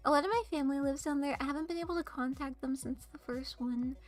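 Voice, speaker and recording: A young woman VTuber streamer with a high-pitched voice talks into a desk mic, chatting casually with her viewers at a quick pace. Her delivery is quiet and flat, almost monotone. Soft, faint music plays in the background.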